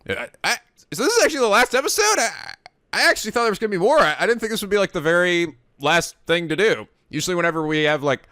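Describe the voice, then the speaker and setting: A man giving casual, excitable commentary over a video game, swearing and laughing often. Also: sits high, fast, dry recording, clean studio sound. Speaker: let's play host. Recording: game music underneath.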